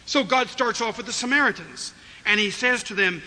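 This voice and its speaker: A man's voice: high-pitched, fairly quick, pushed and bright. A man preaching an expository sermon, emphatic and acting out the voices he quotes. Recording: reverberant hall, faint noise.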